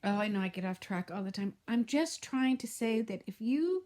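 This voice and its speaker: A middle-aged Southern Californian woman talks casually to camera in a heartfelt, rambling vlog that keeps trailing off and restarting. Her voice is on the high side, animated, and darkish, at a moderate pace.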